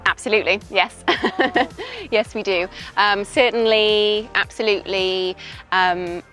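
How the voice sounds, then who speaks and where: A woman's voice: mid-range voice, fairly even intonation, slow, a bit bright, soft background music. A young British woman from Wales, an English teacher, chatting casually in an outdoor interview and explaining with examples. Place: outdoors in a park. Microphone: handheld voice recorder.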